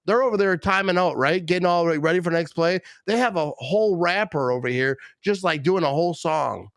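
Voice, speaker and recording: A middle-aged podcast host from Wisconsin, a little tipsy and rambling through casual talk. His voice sits fairly high for a man. The sound is dry and close. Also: fairly quick, fairly bright tone, no room sound. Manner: rambling, loose, full of "like" and "bro".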